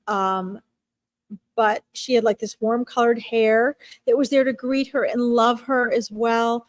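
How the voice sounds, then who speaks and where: During a live stream, a woman offers an animal communication reading in a tender, emotional tone, frequently hesitating with fillers and restarts. Her voice is fairly high-pitched, and the audio has no echo.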